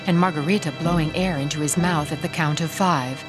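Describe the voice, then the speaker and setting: A woman narrating a radio drama in a measured, solemn manner. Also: low-pitched, steady tone, over music. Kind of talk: scripted narration.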